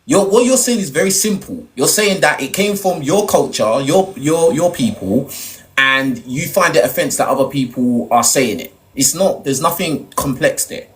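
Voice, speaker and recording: Young guy from nigeria hosting a debate, pushy and argumentative, voice swings up and down a lot, bit high. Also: animated, normal speed. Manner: argumentative, interrupts, repeats "hold on". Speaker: podcast host. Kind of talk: heated panel debate.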